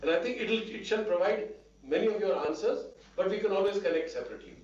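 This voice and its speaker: A high-pitched man answers shareholders in a formal meeting. He speaks in measured runs with lots of "you know". The audio is distant and echoey, with a muffled, dulled tone. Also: a little mellow. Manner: measured, with many fillers and repeated "you know". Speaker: bank executive answering shareholders.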